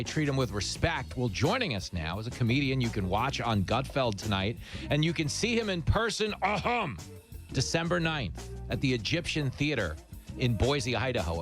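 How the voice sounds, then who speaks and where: A man's voice: medium pitch, sing-song, moderate pace, soft background music. A man with a New York accent hosting a comedic radio talk show, joking and laughing often as he banters with a guest. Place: radio studio.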